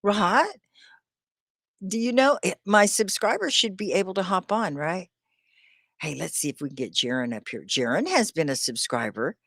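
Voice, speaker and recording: A woman teaching English on a live stream, speaking slowly and clearly with encouragement, often laughing as she talks to viewers. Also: on the low side, expressive, fairly bright tone, no echo, studio quality. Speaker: ESL teacher.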